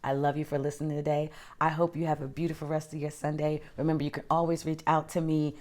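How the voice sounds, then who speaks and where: Low-voiced woman giving motivational pep talk. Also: fast. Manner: emphatic and encouraging, addresses listener as honey and girl; animated, swings between loud emphasis and quiet, near-whispered lines. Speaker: podcast host. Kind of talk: motivational self-help monologue.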